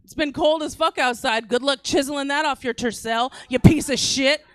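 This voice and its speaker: A woman's voice: sits high, normal speed, fairly bright tone, no room sound. A woman in her forties doing a brash, crude stand-up set on a comedy club stage, teasing the crowd.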